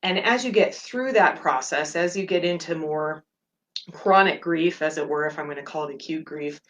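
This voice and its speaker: Low-voiced, gentle woman host. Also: moderate pace. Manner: gentle, open and candid about her feelings. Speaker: meditation podcast host. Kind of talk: personal reflective talk.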